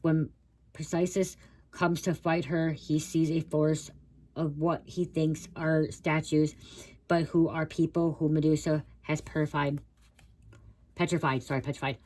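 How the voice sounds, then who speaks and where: A woman's voice: sits low, flat delivery, measured pace, darkish tone, rough recording. A woman doing a live card reading for viewers, stumbling as she reads the guidebook text aloud and breaking off to talk to them directly. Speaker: tarot reader.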